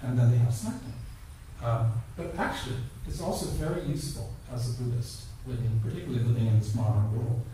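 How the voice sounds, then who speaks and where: A man's voice: mid-range voice, a little fast, dark tone. An older man giving a dharma talk at a temple, telling stories with playful asides. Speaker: dharma speaker. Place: temple hall. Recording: echoey hall from far off, background noise.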